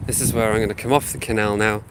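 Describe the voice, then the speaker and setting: On a very noisy phone recording, a man with a lowish, steady voice talks at a quick pace. The channel host, sniffly with a sinus infection, rambles live with lots of ums to his viewers while walking his dog outdoors around a housing estate.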